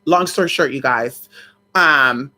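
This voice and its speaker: A woman's voice: extremely low pitch, slow pace, pushed and bright. A woman vlogger chatting casually to her viewers, telling a story in colloquial, swear-laced speech.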